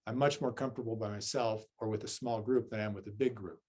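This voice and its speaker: A man's voice: fairly low pitch, fairly even intonation, fast talker, darkish tone. A man with a Southern US accent, a Zen teacher giving a dharma talk. He tells a self-deprecating personal story and keeps checking in with listeners with "right?" and "okay?".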